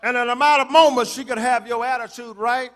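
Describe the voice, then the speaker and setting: A man preaching a sermon, repeating phrases and rising to shouted climaxes. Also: very high-pitched, steady tone, fast. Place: church sanctuary.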